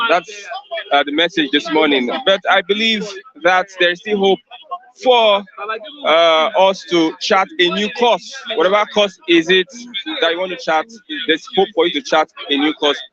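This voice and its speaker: Halting man hosting a radio show. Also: high voice. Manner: halting, with many fillers. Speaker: radio talk show host. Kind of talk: radio talk show wrap-up. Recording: dull lo-fi radio with crowd behind.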